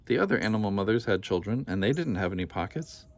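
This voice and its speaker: A man reading a children's picture book aloud in a gentle, unhurried way, with casual asides. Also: on the low side, animated, no echo.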